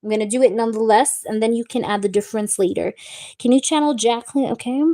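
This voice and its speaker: A young woman reading tarot live, chatting warmly with viewers and calling them babe and baby girl. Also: a little high, fast talker. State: recovering from a wisdom tooth removal. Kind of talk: live-stream chat with viewers.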